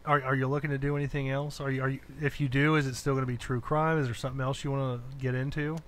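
A man's voice: medium pitch, flat delivery, racing, a bit bright, a little hiss or hum. A man hosting a podcast in casual chat, joking around and stumbling over his words when he asks questions. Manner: joking, stammering interviewer. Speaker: podcast host.

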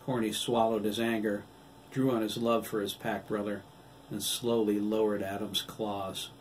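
A man with a lowish voice narrates his novel in a steady, even way. He sits a little back from the mic, and a faint hiss of noise stays under his voice. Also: unhurried, distant mic, low-quality recording. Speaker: author reading his own novel. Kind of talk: audiobook narration.

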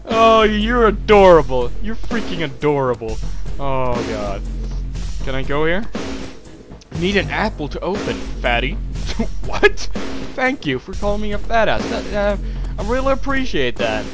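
A young man giving let's play commentary, excitable, swearing and shrieking in fright. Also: on the high side, measured pace. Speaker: gamer. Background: game music.

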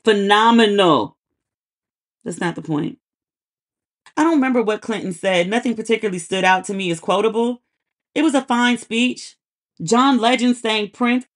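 A woman's voice: a little high, fairly quick. A woman podcast host giving casual, opinionated pop-culture commentary in a chatty, sassy way.

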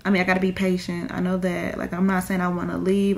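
A woman's voice: lowish voice, monotone, a little fast, gravelly, hardly any pauses, a little mellow. A young woman, crying and rambling in a confessional vlog with many fillers. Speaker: vlogger.

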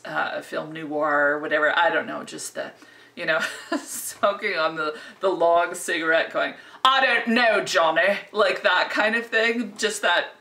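Gravelly, bright-voiced woman reviewing perfume. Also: low-pitched. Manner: chatty, enthusiastic, rambling. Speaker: fragrance reviewer. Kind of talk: casual fragrance review.

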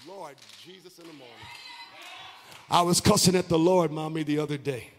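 Brief: male pastor, impassioned sung-and-shouted sermon, high bright voice, slow delivery in a reverberant church. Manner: impassioned, half-sung preaching that swings from shouts to low asides.

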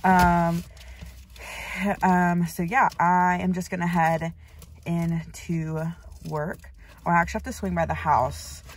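A woman's voice: lowish voice, flat delivery, takes it slowly, long pauses. A young woman chatting to the camera in a casual vlog, full of "like" and "um". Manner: chatty, lots of "like" and "um" fillers. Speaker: vlogger, traveling medical assistant. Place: at home, then in a car.

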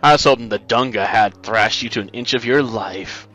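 A harsh, growling prison warden, as voiced by a man reading a game aloud. He sneers at prisoners with open contempt and menace. The voice has a bright, edgy sheen, with faint game music in the background. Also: mid-range voice, moderate pace, poor audio. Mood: menacing. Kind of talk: voicing game dialogue.

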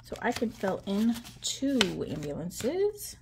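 A woman talking casually to viewers while she counts money out loud, chatty and with frequent ums. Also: a little high, huge pitch swings, slow pace, background noise. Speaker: budgeting vlogger.

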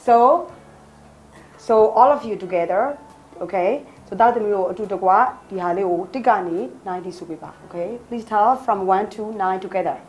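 A woman's voice: mid-range voice, racing, mellow, a little hiss or hum, low-quality recording. A woman with a Burmese accent teaching English to a class, encouraging students and repeating their answers back with many "okay"s. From Myanmar.

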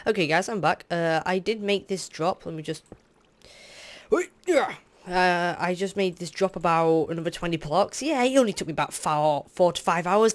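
A man's voice: high-pitched, moderate pace, fairly bright tone. A young man doing casual, rambling gameplay commentary as a Let's Play host. He is tired, fills the talk with "um"s, and drifts into candid asides. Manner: rambling and hesitant, full of fillers, candid asides. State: tired, yawning.

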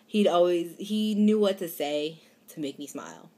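Young girl rambling to her camera, giggly, lots of um and like, kinda lowish voice. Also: moderate pace, mellow. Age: young adult. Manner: rambling, giggly, many fillers and restarts. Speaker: vlogger. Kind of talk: casual chat to camera.

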